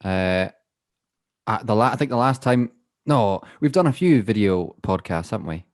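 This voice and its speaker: A young man co-hosting a podcast over a video call, joking, apologetic and halting in his speech. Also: fairly low pitch, expressive, dry recording, clean studio sound. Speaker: podcast co-host. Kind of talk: casual chat.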